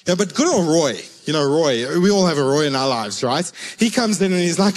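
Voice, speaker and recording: A man's voice: fairly high pitch, animated, fairly quick, few pauses, in a large hall. A man preaching a sermon in a conversational, storytelling way, repeating his key words for emphasis.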